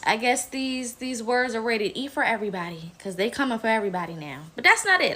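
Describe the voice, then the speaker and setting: A woman's voice: fairly high pitch, sing-song, fast talker, few pauses, sharp tone. A woman giving blunt, emphatic commentary in an opinionated vlog, swearing when riled. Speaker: political commentator.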